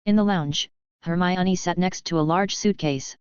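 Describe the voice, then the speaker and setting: A woman reading a fan-fiction audiobook in an even, unhurried scripted narration. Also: lowish voice, smooth, no room sound, lo-fi sound.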